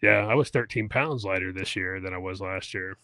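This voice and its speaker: Low-voiced man rambling through a story. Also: brisk, sharp tone, dry recording. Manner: rambling, filler-heavy, self-mocking storytelling. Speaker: podcast co-host. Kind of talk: casual chat, recounting an endurance event.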